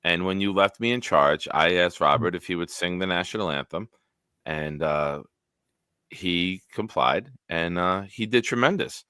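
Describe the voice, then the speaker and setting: A man hosting a casual sports live stream, animated and joking, swearing freely. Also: sits low, measured pace, clear, resonant tone, dry recording, studio quality. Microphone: home setup on a video call.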